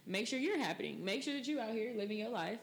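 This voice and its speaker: A woman's voice: a little high, lively intonation, brisk, creaky. A woman in her twenties hosting a podcast, loose and chatty with lots of fillers. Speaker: podcast host. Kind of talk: casual chat.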